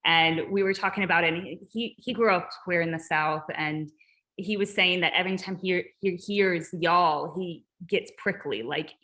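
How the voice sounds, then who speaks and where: A woman artist answering audience questions after her online talk, in a thoughtful, halting way over a video call. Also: on the low side, pushed and bright. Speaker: visiting artist giving a talk.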